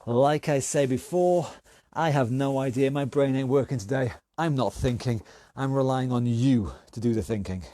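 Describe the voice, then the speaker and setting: With a mellow, medium-pitched voice at a moderate pace, a fitness instructor from the United Kingdom counts down and calls out moves as he exercises along with his online workout class. There's no echo.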